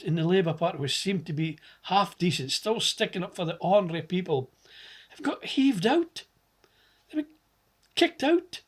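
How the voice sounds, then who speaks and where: A man's voice: high-pitched, husky. Middle-aged Scottish man, passionate political rant, hammers words through repetition. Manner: ranting, repeats words for emphasis. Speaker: political commentator. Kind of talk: impassioned political monologue.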